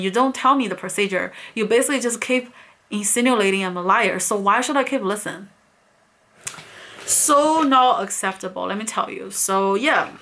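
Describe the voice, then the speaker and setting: A woman's voice: medium pitch, sharp tone. A young woman, a beauty vlogger, telling a storytime rant in an exasperated, casual way, full of "like" and "honestly". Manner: exasperated, repeats "like" and "honestly" often.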